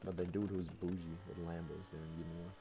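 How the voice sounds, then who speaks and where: A man's voice: low-pitched, fairly quick, vocal fry, background noise. A young man streaming, telling a work story in casual chat with lots of laughs. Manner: animated storytelling with frequent laughs.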